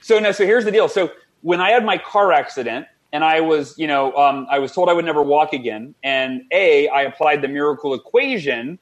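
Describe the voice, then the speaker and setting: A man in his forties tells a personal story as a podcast guest, moving fast and eagerly. His voice sits a little high for a man. He slips quoted voices into his account as he goes. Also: dull audio. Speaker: guest author. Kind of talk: storytelling interview.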